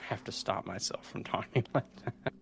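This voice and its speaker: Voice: mid-range voice, normal speed, vocal fry, a bit bright, a little hiss or hum. A guest on a livestream chatting casually, mostly throwing in short remarks. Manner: brief interjections. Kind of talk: casual chat.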